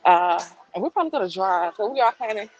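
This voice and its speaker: Middle-aged woman, chatty livestream host, walking and a little winded, mid pitch. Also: animated, fast, lo-fi sound, slight background noise. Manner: chatty, reads viewer comments aloud. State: out of breath while walking. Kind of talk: casual livestream commentary. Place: walking through a crowded shop.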